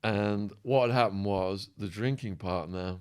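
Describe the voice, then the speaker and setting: Man, podcast guest, animated storyteller, acts out quotes, swears. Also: on the low side, measured pace, clean tone. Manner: quotes people in acted voices, swears, laughs while telling.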